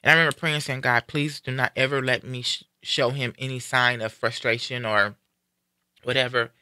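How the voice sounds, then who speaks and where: A man's voice: mid-range voice, moderate pace, clear, resonant tone. A man hosting a live stream, telling a personal story in an earnest, reflective way and acting out what others said. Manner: earnest, reflective, animated when quoting others.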